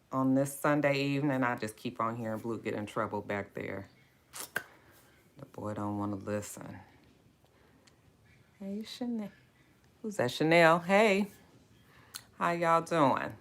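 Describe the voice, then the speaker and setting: Greeting her viewers by name in a chatty drawl, a woman from the West Coast of the United States leads a casual book club livestream. Her very deep voice stays steady and slow, pausing often.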